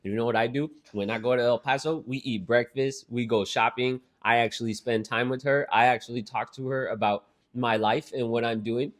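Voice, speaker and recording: A young man co-hosting a podcast in loose, casual banter with his sister. He talks in a rambling, profane way, stacking "like" and acting out what others said. His pitch sits at an ordinary middle height for a man. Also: steady tone, moderate pace, hardly any pauses. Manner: profane, rambling storyteller who acts out quotes. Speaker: podcast co-host.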